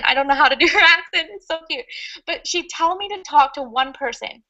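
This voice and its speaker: A woman's voice: high voice, a little fast, sharp tone, highs cut off. A woman teaching a webinar lesson in an upbeat, chatty way, laughing often. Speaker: online marketing coach.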